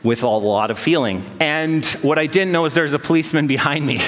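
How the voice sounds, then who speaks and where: Man, 30s, pastor giving a self-deprecating sermon in a church, slightly high voice, long hall reverb. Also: a little fast. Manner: storytelling, self-deprecating, animated quoted voices.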